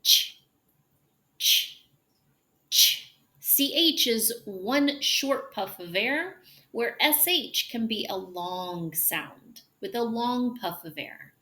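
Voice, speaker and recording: A woman teaching English pronunciation, demonstrating sounds slowly and drawing out hushing noises. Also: on the high side, animated. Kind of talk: pronunciation lesson.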